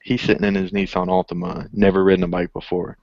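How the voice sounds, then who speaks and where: A gravelly, low-pitched man tells a profane story in a loose, casual chat, swearing freely and acting out everyone's lines himself. The recording is dry and a bit muffled, with a lo-fi sound. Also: quick pace, no room sound. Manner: profane, animated storyteller, acts out quotes. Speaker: podcast co-host. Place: indoors, garage.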